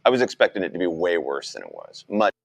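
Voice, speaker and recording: A local man talks in a relaxed, plain-spoken way for a news interview. His low voice rises and falls a lot. The sound is dry and close. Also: quick pace, gravelly, no room sound.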